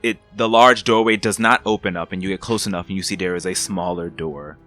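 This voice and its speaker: A man's voice: sits low, steady tone, fairly quick, sharp tone, soft background music. A man narrating a tabletop game as game master, describing scenes loosely with many fillers.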